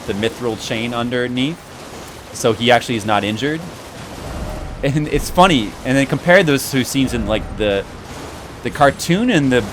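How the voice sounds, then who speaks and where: A man streaming a video game, chatting casually and rambling about movies with animated, mocking asides. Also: mid-range voice. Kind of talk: casual chat while gaming. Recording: noisy background.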